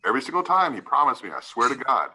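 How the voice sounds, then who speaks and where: A man's voice: medium pitch, sing-song, very fast, bright, forceful tone, husky, rough recording. A man serving as judge, giving a stern courtroom lecture and repeatedly asking "right?" to press his point.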